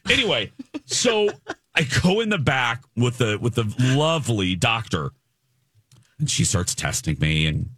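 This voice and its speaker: A man in his forties hosting a radio show, telling a self-deprecating story in an animated way. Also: medium pitch, measured pace, breathy edge, no room sound, studio quality. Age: 40s. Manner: animated, self-deprecating, mimics people he meets. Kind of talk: casual morning-show storytelling. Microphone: studio microphone.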